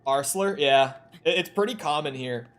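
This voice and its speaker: A man's voice: fairly high pitch, moderate pace, a bit bright. A young man from Minnesota with a Minnesotan accent, casually chatting with his stream chat while he plays, loose and offhand, swearing now and then. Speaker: game streamer.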